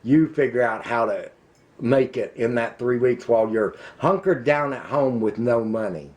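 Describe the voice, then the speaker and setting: A middle-aged man with an Ozarks accent, delivering a heated, emphatic rant to camera and slowing down to hammer his points. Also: medium pitch, a little mellow. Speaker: vlogger. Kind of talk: angry political rant to camera.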